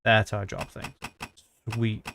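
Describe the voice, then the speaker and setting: A man's voice: on the low side, little pitch movement, a little slow, noisy background. Profane ranting male game streamer. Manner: profane, ranting, self-mocking. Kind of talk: casual gaming stream chat.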